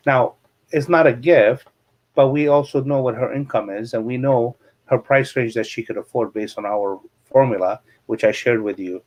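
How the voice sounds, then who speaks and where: A middle-aged man with a medium-pitched voice, recorded with lo-fi sound, appears as an interview guest. He's a real estate coach who tells anecdotes and explains money matters using plain examples.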